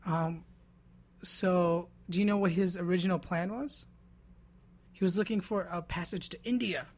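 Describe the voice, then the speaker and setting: A woman's voice: on the low side, steady tone, normal speed, darkish tone. A woman, a podcast host in casual chat, explaining history as a joking storyteller who slips into silly voices.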